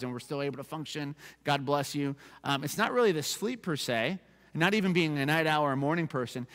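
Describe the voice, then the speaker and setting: A man's voice: a little high, a bit bright, in a large hall. A man preaching a sermon as pastor, conversational, repeating verse references and checking in with the congregation. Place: church sanctuary.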